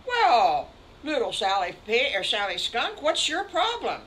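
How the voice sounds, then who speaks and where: A woman's voice: fairly high pitch, animated, moderate pace, sharp tone, slight background noise, voice pushed up, poor audio. Farmer Brown, a hearty cheerful farmer, voiced by a grandmother. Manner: hearty, upbeat. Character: cheerful friendly male farmer.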